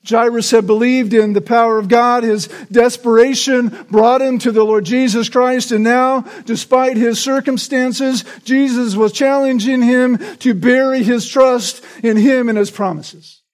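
A man's voice: very high voice, steady tone, a little slow, few pauses. A man preaching a sermon in an earnest, emphatic way, often checking in with "right?". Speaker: pastor.

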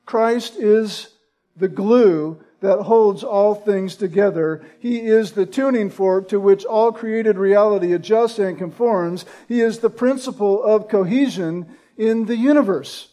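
A man preaching a sermon, deliberate and emphatic, building in intensity on key points. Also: sits high, warm tone.

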